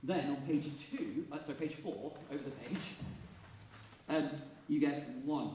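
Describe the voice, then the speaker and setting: Brisk choir conductor in an echoey hall. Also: male voice, fairly high pitch, dark tone, distant mic, slight background noise. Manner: encouraging, brisk, laughs often. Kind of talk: choir rehearsal instruction. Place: rehearsal hall.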